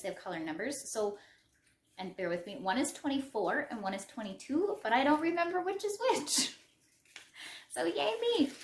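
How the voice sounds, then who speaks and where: A woman's voice: mid-range voice, a little hiss or hum. Chatty Western Canadian woman in a roomy space. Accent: Western Canadian English. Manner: chatty and rambling, self-deprecating asides. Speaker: crochet podcast host. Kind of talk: casual show-and-tell chat. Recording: roomy echo.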